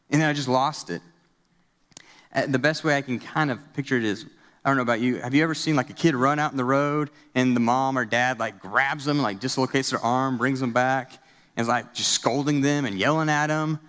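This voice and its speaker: A man in his thirties preaching in a loose, chatty storytelling manner, his voice sitting at an ordinary middle pitch. His words ring out with a long tail of reverb, like a church sanctuary. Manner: conversational and animated, with casual fillers. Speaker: student pastor. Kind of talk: storytelling sermon.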